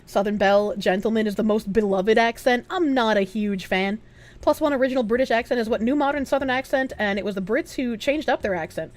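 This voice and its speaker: A young woman with a Boston accent reads out her stream chat during a casual livestream, talking bluntly and swearing a lot. Her voice is fairly high and brisk, with faint music playing behind her.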